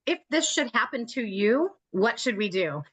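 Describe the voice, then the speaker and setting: A woman's voice: a little high, sing-song, moderate pace, a bit bright. A woman leading an online trip-planning meeting over a video call, chatty and joking, laughing often as she talks. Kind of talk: casual meeting talk.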